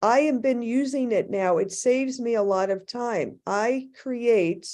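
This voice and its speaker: A woman speaking as a faculty panelist in an academic discussion, thoughtful and halting, with many restarts. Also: a little high, a little mellow.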